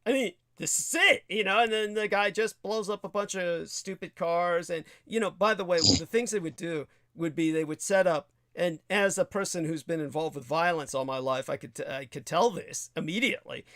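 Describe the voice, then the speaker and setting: A man's voice: sits high, moderate pace, few pauses, a bit bright, no echo, clean studio sound. A man hosting a livestream talk show, rambling and emphatic, swearing freely as he tells a story. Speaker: show host.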